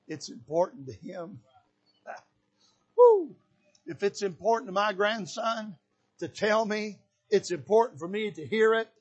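High-voiced older preacher from Michigan. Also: male voice, highs cut off. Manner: swings between shouted exhortation and hushed, soft emphasis. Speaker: pastor. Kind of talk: preaching a sermon. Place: church pulpit.

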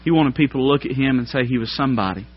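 A man preaching a sermon, folksy and plain-spoken, climbing to loud emphatic peaks. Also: medium pitch, rapid-fire, slightly rough. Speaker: pastor. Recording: dull lo-fi sermon recording.

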